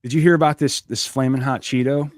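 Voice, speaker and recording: A man co-hosting a comedy podcast, joking and teasing in lively banter. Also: medium pitch, fairly quick, dry recording, clean studio sound. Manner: joking, animated, playful voice impressions. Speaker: podcast co-host.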